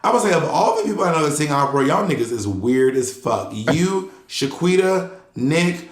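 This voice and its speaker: A man co-hosting a podcast in casual chat, an animated storyteller who acts out the people he quotes. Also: on the high side, normal speed. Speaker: podcast co-host. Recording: roomy echo.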